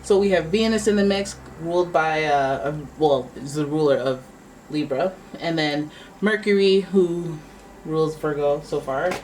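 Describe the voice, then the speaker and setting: A woman's voice: sits low, a little slow, a little mellow, distant mic, slight background noise, low-quality recording. A woman giving a casual, playful tarot reading, chatting and exclaiming as each card comes up. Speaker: tarot reader.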